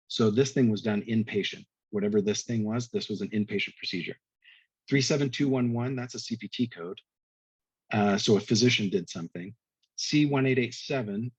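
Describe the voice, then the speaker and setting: A man's voice: fairly low pitch, breathy edge, dry recording, highs cut off. A man on a virtual industry panel, explaining billing codes step by step in a conversational way over a video call. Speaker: medtech reimbursement panelist.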